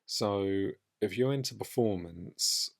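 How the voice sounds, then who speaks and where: Deep-voiced man chatting casually. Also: slow pace. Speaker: podcast host. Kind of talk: casual solo podcast.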